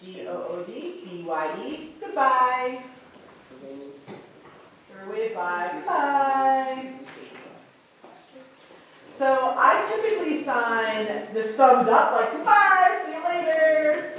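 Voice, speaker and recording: A woman teaching a sign language class in a library room, encouraging and emphatic, repeating phrases slowly for her learners. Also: high voice, animated, a bit bright. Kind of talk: classroom instruction. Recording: echoey room, voice far off.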